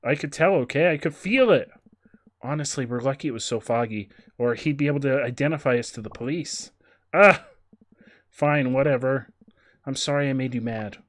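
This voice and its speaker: A man with a slightly blocked, nasal sound streams a game, chatting casually and reading its lines aloud. His voice sits in an ordinary middle pitch, and it jumps loud and high when he greets his viewers. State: stuffy nose. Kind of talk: casual gameplay commentary, reading dialogue aloud.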